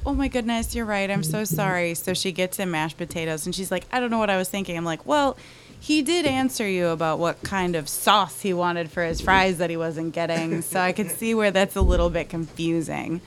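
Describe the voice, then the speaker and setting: Lowish chatty woman telling a story. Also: a little hiss or hum. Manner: chatty, animated storytelling with quick asides. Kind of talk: casual storytelling chat.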